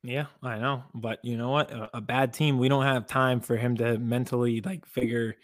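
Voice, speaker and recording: A man co-hosting a casual sports podcast, talking in an animated, emphatic way. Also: medium pitch, moderate pace, no room sound, clean studio sound. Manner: animated, emphatic, catchphrase-prone. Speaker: podcast co-host.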